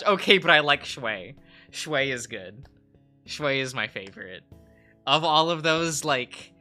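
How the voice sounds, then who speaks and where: Slow, very bright-voiced giggly man. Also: mid-range voice, smooth. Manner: giggly, rambling, many fillers. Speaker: streamer drawing live. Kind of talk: casual live-stream chat.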